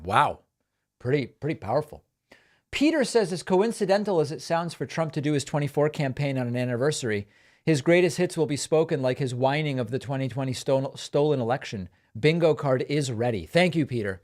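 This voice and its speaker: A man's voice: fairly high pitch, lively intonation, brisk, a little mellow. A man in his thirties hosting a live political stream, reading viewer comments aloud and reacting to clips with incredulous mockery.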